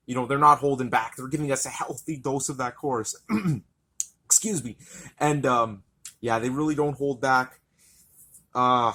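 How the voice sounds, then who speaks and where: A man's voice: on the high side, bright, forceful tone. A man reviewing an album in a casual, rambling, enthusiastic way, swearing often.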